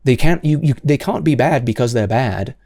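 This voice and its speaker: A man's voice: medium pitch, animated, normal speed, mellow, no room sound, clean studio sound. A man hosting solo commentary, answering comments in an exasperated, sarcastic way with many stammered restarts.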